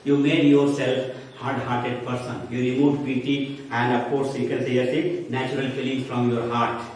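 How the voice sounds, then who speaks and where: A man's voice: mid-range voice, level tone, normal speed, very echoey. Male teacher, repetitive paraphrasing, heard from a distance with faint hiss. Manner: repetitive, paraphrasing, filler "you can say" throughout. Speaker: English teacher. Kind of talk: classroom lecture explaining a play.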